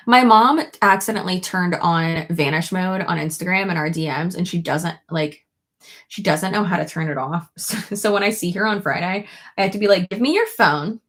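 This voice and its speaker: Woman, young adult, casual vlog chat, gravelly fry, slightly low voice, profane, giggly. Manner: chatty and profane, giggly asides. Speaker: beauty YouTuber.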